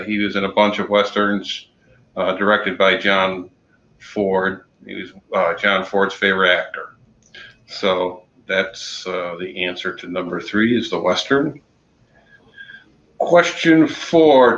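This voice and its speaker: A man co-hosts a relaxed trivia chat, talking slowly and stopping often with ums and uhs. His voice sits a little low. The recording is roomy and dull. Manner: slow, halting, many ums and uhs; corny jokes. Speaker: podcast co-host running trivia. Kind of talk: casual chat.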